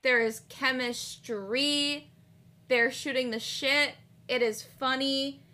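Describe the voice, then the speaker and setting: High bright-voiced woman podcaster. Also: slow pace. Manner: animated, swears freely, acts out quotes. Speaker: podcast co-host. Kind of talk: casual rewatch podcast chat. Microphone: headphones and podcast mic.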